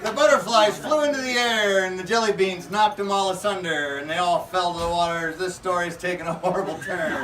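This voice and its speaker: A man improvising a silly comic story with an audience, playful and often laughing mid-sentence, outdoors at a faire. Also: high-pitched. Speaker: costumed pirate storyteller at a faire. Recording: distant, noisy outdoor faire recording.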